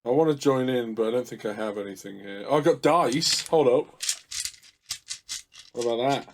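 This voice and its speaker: A man's voice: medium pitch, moderate pace. Teasing man in podcast banter. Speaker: podcast co-host. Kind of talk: casual chat.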